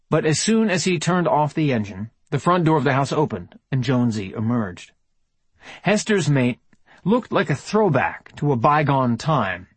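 Husky guy reading an audiobook, steady and even, super dry close mic. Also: mid-range voice, no room sound. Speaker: audiobook narrator. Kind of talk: scripted narration.

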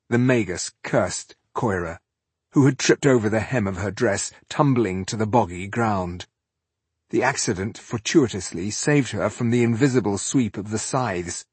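A man reading a fantasy novel aloud as an audiobook narrator, in a measured, dramatic storytelling manner. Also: fairly low pitch, breathy edge, no echo.

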